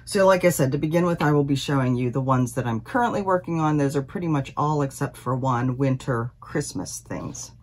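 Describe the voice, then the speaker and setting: A woman's voice: a bass voice, brisk, hardly any pauses, breathy edge. A woman talking casually to her viewers in a rambling, chatty way, with fillers and self-deprecating asides, recorded at home. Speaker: cross stitch vlogger.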